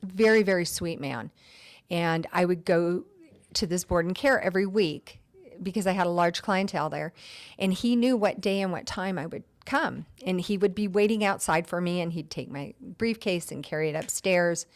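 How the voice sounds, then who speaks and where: A woman who works as a county deputy, a guest on a talk show, telling warm and heartfelt stories from her work. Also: fairly low pitch, normal speed. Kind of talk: storytelling in an interview.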